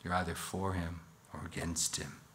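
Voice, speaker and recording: A man's voice: deep voice, level tone, moderate pace, a bit bright, a little hiss or hum. A man preaching a sermon in church as pastor, earnest, with rhetorical questions and a rising, emphatic reading of scripture. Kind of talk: expository sermon.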